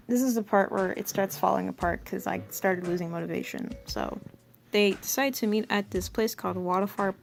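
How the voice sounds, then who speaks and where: A young woman vlogger reading her old story aloud and roasting it with sarcastic, giggly commentary. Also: mid-range voice. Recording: faint background music.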